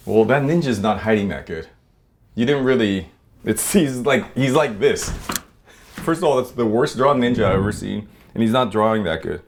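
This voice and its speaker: Irreverent low-voiced man rambling over a drawing demo. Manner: rambling, irreverent, swears casually, argues with himself. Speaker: artist teaching a drawing demo. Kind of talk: casual drawing demonstration monologue.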